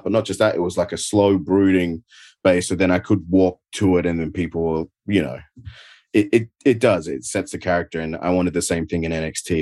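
A man's voice: deep voice, darkish tone, no echo, clean studio sound. A man with an Adelaide Australian accent, chatting easygoingly as an interview guest from home, rambling with lots of filler words. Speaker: guest, professional wrestler. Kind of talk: casual interview chat.

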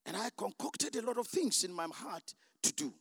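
A high, gravelly male preacher tells his story with wild swings of pitch, acting out each voice in turn. His voice sits close and dry, and he leaps from low murmurs to full shouts. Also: sing-song, normal speed, no echo. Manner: dramatic storytelling preacher, acts out dialogue, bursts into shouts. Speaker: pastor. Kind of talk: sermon.

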